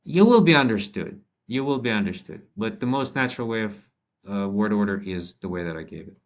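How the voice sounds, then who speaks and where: Male language tutor, lowish voice, relaxed and unscripted, stops and restarts mid-sentence. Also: lo-fi sound. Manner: thinks aloud with many ums and restarts, slow model sentences. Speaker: language teacher. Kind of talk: relaxed spoken lesson.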